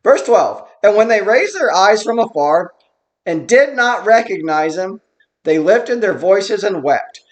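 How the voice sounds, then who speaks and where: A man teaching a Bible study in an earnest, explanatory way, reading verses slowly and then commenting on them. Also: high-pitched, animated. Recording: roomy echo.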